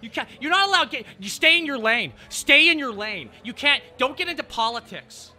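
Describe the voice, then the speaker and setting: A man putting on a whiny, preachy online commenter who nags in a high, shrill, bright voice that swoops up and down. The tone is smug and scolding, loud and mocking. Faint music sits behind. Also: sing-song, normal speed, exaggerated voice.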